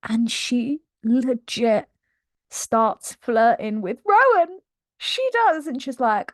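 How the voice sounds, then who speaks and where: A woman's voice: on the high side, lively intonation, slow, no room sound, clean studio sound. A young woman giving a casual book recap, gushing and slangy, laughing often. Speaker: book vlogger.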